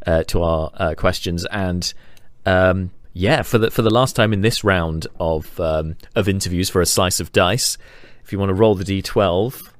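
A man's voice: low-pitched, moderate pace, hardly any pauses, dry recording. A man hosting a podcast interview, chatty, laughing along and asking questions. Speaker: podcast host. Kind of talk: casual interview.

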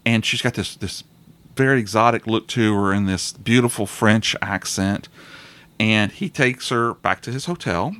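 A man's voice: lowish voice, a bit bright. A man hosting a casual podcast chat about movies, rambling with frequent restarts and laughter.

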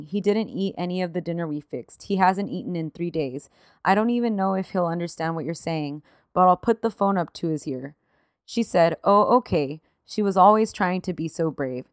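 A woman's voice: fairly low pitch, no echo, studio quality. Swearing, emotional woman podcast co-host. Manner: emotional, swears freely, laughs through tears. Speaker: podcast co-host telling the main story. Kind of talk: casual chat, partly read narration.

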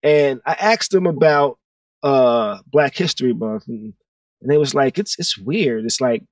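A man's voice: mid-range voice, expressive, unhurried, no echo, recorded from a distance. A man co-hosting a casual chat show, telling stories easily and repeating words as he builds his thoughts. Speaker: podcast co-host.

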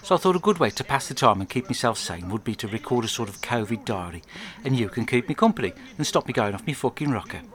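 Crude man, deadpan comic diary, rambling monologue, mid pitch, close mic. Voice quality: crude, blunt, rambling storyteller.

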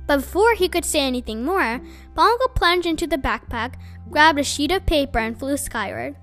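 A woman reading a children's book aloud as host of her own storytime, in an expressive, animated way. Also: high voice, moderate pace, soft background music.

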